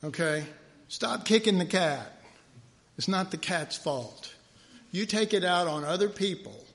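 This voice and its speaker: A man preaching a sermon in a chatty, joking way, telling stories and doing quick voices of people in them. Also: sits high, animated, fairly bright tone. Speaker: pastor.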